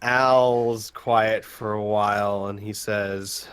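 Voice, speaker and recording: A man playing his character in a tabletop game, speaking slowly and measured. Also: lowish voice, fairly even intonation, a bit bright, clear, resonant tone. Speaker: player.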